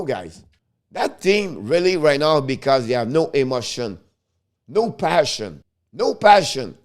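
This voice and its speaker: Frustrated hockey commentator with tinged English. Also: male voice, fairly high pitch. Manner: heated, frustrated, repetitive, broken English phrasing. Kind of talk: ranting fan commentary.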